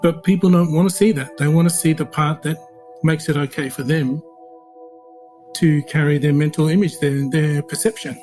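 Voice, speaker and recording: A man's voice: a little high, fairly even intonation, moderate pace, darkish tone, faint music behind, low-quality recording. Rambling man telling stories. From Australia. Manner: rambling, lots of fillers, acts out quoted voices. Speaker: interview guest. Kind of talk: casual anecdotal storytelling.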